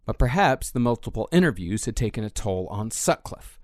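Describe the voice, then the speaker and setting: A man's voice: fairly low pitch, very animated, fairly quick, a little mellow, dry recording, studio quality. A man co-hosting a casual true-crime podcast, steadily reading out case facts between jokes. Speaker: podcast co-host.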